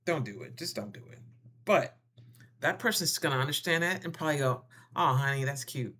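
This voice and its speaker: A wellness vlogger giving casual relationship advice to viewers, playful and animated, calling them darling and honey and acting out little scenes. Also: medium pitch, a little fast, slightly rough. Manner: addresses viewers with endearments and slang.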